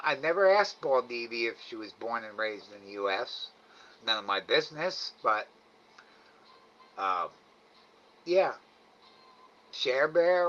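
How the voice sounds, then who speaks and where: A middle-aged man chats slowly and loosely with his livestream viewers, chuckling and letting sentences trail off. His voice is bright and forward, though the stream audio is a bit dull and lo-fi. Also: a little high. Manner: rambling, chuckling, trailing off often. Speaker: livestream host. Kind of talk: casual chat reading viewer comments. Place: home, live night cam stream.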